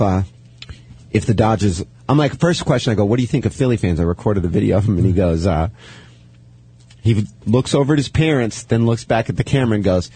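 A man's voice: mid-range voice, animated, fast talker, darkish tone, slightly rough, no room sound. A man hosting a casual radio chat, telling loose, profane stories. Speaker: podcast host.

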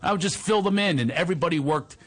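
Animated, laughing male podcast host. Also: on the high side, fast. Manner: animated storyteller, laughs often. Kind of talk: casual chat.

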